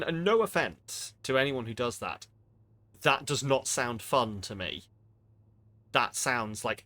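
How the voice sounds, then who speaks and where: A man's voice: mid-range voice, bright, forceful tone. A man chatting casually over a game stream, blunt, sweary and rambling. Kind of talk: casual gameplay commentary.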